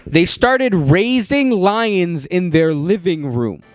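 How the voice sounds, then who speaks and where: A young man giving ranting, sarcastic commentary, animated and full of swearing. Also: high-pitched, slow pace, dry recording. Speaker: YouTuber.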